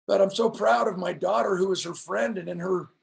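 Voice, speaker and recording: A middle-aged man with a strikingly gravelly voice that sits high for a man. He speaks like a motivational preacher, slowing down hard on his key lines as he tells stories in an interview. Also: fairly even intonation. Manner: emphatic, preacher-like cadence with slowed punch lines. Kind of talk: storytelling on a live stream interview.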